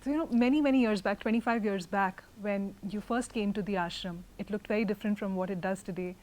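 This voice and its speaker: A woman hosts an interview in a medium-pitched voice. She listens closely, murmurs often to show she is following, and asks calm questions. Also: fast talker, low-quality recording. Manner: attentive, frequent affirming murmurs. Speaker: interviewer, host.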